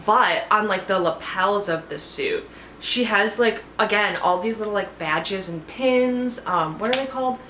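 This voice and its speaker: A woman's voice: mid-range voice, unhurried, fairly bright tone, a little hiss or hum. Gossipy woman recapping a show. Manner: gossipy, filler-heavy, many "like"s. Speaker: TV show reviewer. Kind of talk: casual chatty recap. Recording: echoey room, faint ambience.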